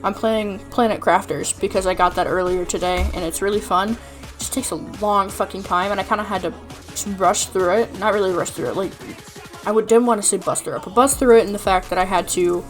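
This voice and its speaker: A woman's voice: mid-range voice, brisk, faint music behind. Exasperated swearing young woman streamer. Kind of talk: casual storytelling rant.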